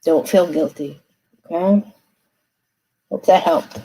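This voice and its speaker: Slow, chatty woman tarot reader. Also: fairly low pitch, mellow, breathy edge, low-quality recording. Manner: chatty, reassuring, often asks okay. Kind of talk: casual live tarot reading. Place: seated at a desk.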